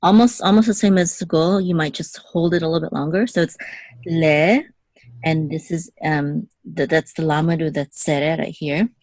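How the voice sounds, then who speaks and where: Low-voiced woman teaching Hebrew patiently. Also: steady tone, moderate pace, few pauses, a little mellow, no echo. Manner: patient, checks in with okay. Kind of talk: one-on-one language lesson.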